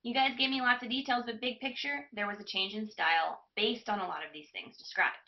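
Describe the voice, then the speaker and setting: A woman's voice: fairly high pitch, steady tone, brisk. Woman tutor, dull lo-fi audio. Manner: reads a passage aloud, stopping to pose questions to students. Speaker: test prep tutor. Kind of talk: live online class walkthrough.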